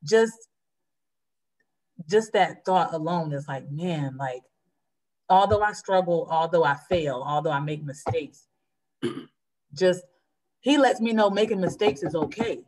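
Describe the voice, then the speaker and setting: A woman in a casual faith conversation, talking fast and earnestly as she shares her testimony. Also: low voice, lively intonation, darkish tone. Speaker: churchgoer sharing testimony.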